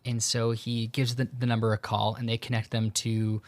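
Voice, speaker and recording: A young man hosting a podcast, retelling a story in a relaxed, casual way with lots of fillers and quoted dialogue. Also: medium pitch, normal speed, no echo. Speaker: podcast host. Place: home in Tucson.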